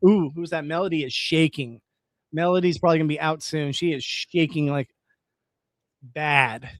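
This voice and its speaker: Young guy from california chatting on his stream, excitable, laughs a lot, dead dry mic. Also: a little high, moderate pace, no echo. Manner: chatty and excitable, reacts aloud, laughs often. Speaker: live-stream host. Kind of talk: casual live-stream chat, reading comments.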